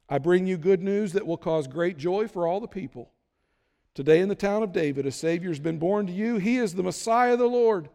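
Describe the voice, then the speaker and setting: A man's voice: high voice, darkish tone. A man preaching a sermon to his congregation, talking in an easy conversational way and acting out people's worried thoughts. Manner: conversational, acts out worried inner voices. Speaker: pastor. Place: large church hall. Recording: long hall reverb.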